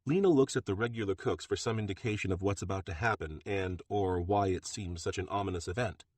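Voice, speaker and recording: A man reading an audiobook in steady, measured narration on a close mic. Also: low voice, no room sound. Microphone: close studio mic.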